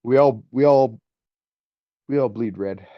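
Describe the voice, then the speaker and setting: A man of middle pitch chats loosely on a livestream, rambling and cracking jokes, tripping over fillers and restarting his sentences. The sound is dry and close, with slightly dull, lo-fi stream audio. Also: a little slow, dry recording. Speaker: livestream host demonstrating 3D scanning. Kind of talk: casual livestream chat. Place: workshop.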